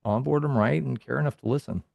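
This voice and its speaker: A man telling stories as a podcast guest, animated and acting out the dialogue in them. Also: medium pitch, fast, gravelly, dry recording, highs cut off. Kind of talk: casual storytelling.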